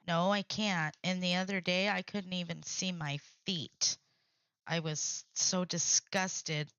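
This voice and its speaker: Middle-aged woman, live-stream host, bright tense tone, dull lo-fi dry sound. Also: on the low side, fairly even intonation, slow, clear, resonant tone, no room sound. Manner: chatty, talks to viewers by name. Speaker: livestream host. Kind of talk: casual live-stream chat. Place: home craft room.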